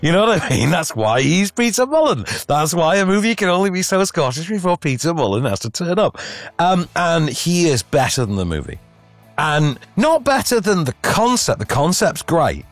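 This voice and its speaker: Animated chatty man reviewing films. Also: fairly high pitch, normal speed, no room sound, soft background music. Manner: animated, chatty, lots of fillers and restarts. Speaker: film reviewer. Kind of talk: casual film review chat.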